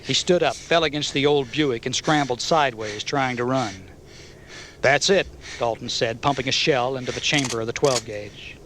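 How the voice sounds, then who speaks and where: A man narrating an audiobook novel in a measured, even storytelling manner. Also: mid-range voice, slight background noise.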